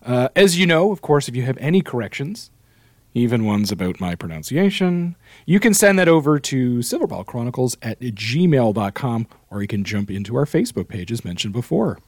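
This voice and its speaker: A man's voice: mid-range voice, big pitch swings, moderate pace, dry recording, studio quality. A man from Canada with a Canadian accent, hosting a podcast in casual, self-deprecating chat. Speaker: podcast host.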